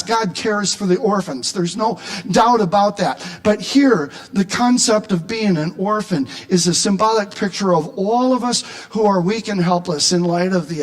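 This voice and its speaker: A man preaching a sermon as pastor, animated and emphatic, at times raising his voice to a shout. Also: high-pitched.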